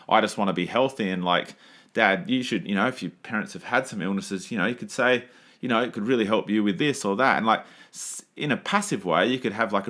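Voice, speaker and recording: A man's voice: lowish voice, fairly bright tone. A young man hosting a podcast, talking earnestly in a rambling, casual way with lots of fillers. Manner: earnest, rambling, with many fillers and quoted asides. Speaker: podcast host. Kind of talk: casual solo podcast talk.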